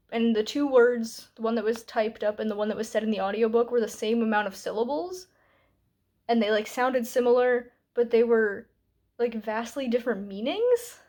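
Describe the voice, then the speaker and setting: Young female book vlogger, slightly high-pitched, candid and chatty with lots of fillers. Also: darkish tone. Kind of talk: casual book review vlog.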